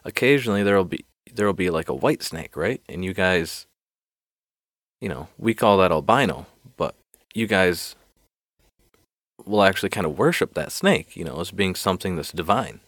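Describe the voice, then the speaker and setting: A man's voice: low voice, lively intonation, moderate pace, a bit bright, dry recording, clean studio sound. A man doing a flustered, panicky reporter. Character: panicky male reporter, talking his way out.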